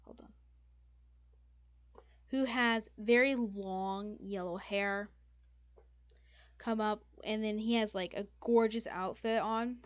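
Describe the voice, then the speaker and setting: A woman's voice: medium pitch, steady tone, takes it slowly, long pauses, no room sound. A woman game master narrating a tabletop game in a loose, casual way, full of fillers and swearing.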